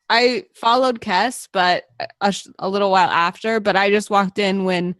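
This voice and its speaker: A woman's voice: medium pitch, steady tone, moderate pace, a bit bright, no room sound. Giggly woman rambling thru her turn, dry close sound. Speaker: player. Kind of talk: tabletop role-play.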